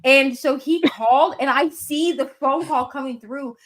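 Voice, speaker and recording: A woman in a casual livestream chat who tells an animated story, full of "like" fillers. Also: high voice, unhurried, a little hiss or hum. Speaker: co-host.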